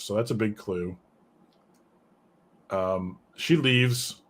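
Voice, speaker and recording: Low-voiced man chatting about comics. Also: extremely slow, fairly bright tone. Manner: rambling, with fillers and side notes. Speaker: podcast host reviewing comics. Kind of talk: casual comic book discussion.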